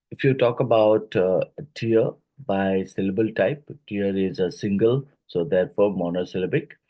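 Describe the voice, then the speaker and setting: A low, mellow male voice with a husky edge and an Indian English accent. He works through exam questions in an unhurried teaching manner, spelling words out slowly and filling pauses with frequent "uh"s. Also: rough recording. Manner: unhurried, explains step by step with many fillers. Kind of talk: exam question review lesson.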